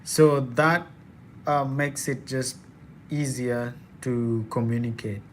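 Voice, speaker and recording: A man's voice: medium pitch, steady tone, slow, a little hiss or hum. A young man from Kenya with a Kenyan accent, chatting casually and laughing often as he hosts a live Q&A. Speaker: student and live-stream host.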